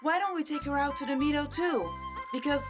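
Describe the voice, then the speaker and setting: A sly cartoon matchmaker, played by a woman, knowing and fond of proverbs. The voice is high and quietly scheming. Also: a little fast, music in the background, lightly acted.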